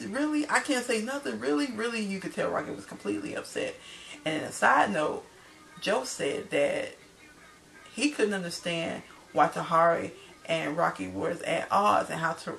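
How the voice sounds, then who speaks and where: Chatty woman with a gravelly voice. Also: fairly low pitch, a bit bright. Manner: chatty, loose, addresses viewers as y'all. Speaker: TV show recapper. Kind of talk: casual spoken recap.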